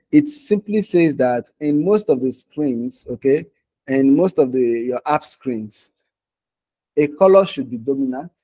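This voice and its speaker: A man leads a live online design class in a loose, conversational way. His voice is mellow and warm and sits at a middle pitch. He talks his way through each step on screen and keeps asking his students "okay?" and "right?" as he goes. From Nigeria. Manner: casual, talks while clicking through screens, frequent "okay?" and "right?" check-ins. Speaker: design instructor.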